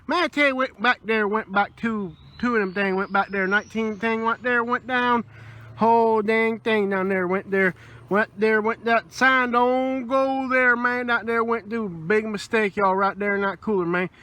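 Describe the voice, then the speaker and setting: A mumbling old Southern swamp man, as a vlogger puts him on, with a thick Southern US accent. He rambles in high, half-finished sentences that keep trailing off into "man." The voice sits noticeably higher than a typical man's. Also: normal speed, bright, forceful tone. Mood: rambling.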